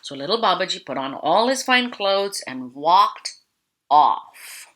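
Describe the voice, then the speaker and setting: A woman teacher reading a children's story aloud in an animated, storytelling way. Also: lowish voice, slow.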